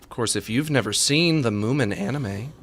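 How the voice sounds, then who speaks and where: A man's voice: mid-range voice, expressive, normal speed, fairly bright tone. A man streaming a co-op game, joking and chatting casually with his partner as he plays. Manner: joking, talks to his co-op partner while playing. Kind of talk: casual let's-play chatter.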